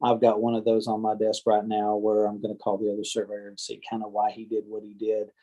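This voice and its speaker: A man's voice: lowish voice, completely flat delivery, a little fast, mellow, dull audio. A man, a land surveyor giving a casual talk on a video-call training meeting, chatty and folksy, acting out the voices of angry homeowners. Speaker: land surveyor giving a talk to a team of real estate agents. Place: home or office on a video call. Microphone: computer or headset mic on a video call.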